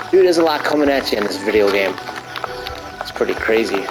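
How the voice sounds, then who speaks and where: A man casually commentating his gameplay, rambling and joking with crude swearing and excited outbursts while stretching. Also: on the low side, a little fast, poor audio. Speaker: gamer commentating his play. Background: arcade game music.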